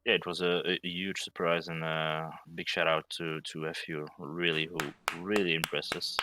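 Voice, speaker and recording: A man's voice: low-pitched, flat delivery, moderate pace, very noisy. A man, a guest team leader on voice chat, speaking hesitantly with many restarts. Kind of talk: casual voice chat.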